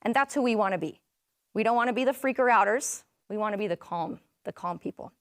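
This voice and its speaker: A woman's voice: mid-range voice, quick pace, no echo, studio quality. A woman presenting an interactive parenting workshop, chatting with the audience, asking questions and rephrasing their answers.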